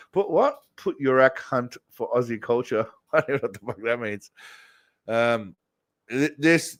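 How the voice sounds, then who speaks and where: A man rambles through casual reaction commentary. His speech is crude and full of swearing. He talks at an ordinary pitch in an offhand way. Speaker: host reacting to videos.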